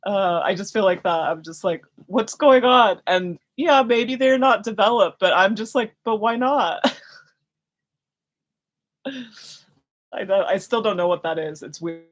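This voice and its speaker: A woman's voice: medium pitch, normal speed. A young woman hosting a live spiritual Q&A stream, rambling casually with lots of fillers, restarts and giggles. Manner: chatty, self-conscious, many fillers and restarts, giggly. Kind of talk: casual rambling livestream chat.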